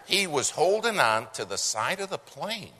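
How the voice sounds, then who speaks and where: A man tells a story live in a folksy, animated style, and his pitch swings widely. His voice is bright and forward. A long hall reverb trails each phrase over a faint hiss. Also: moderate pace.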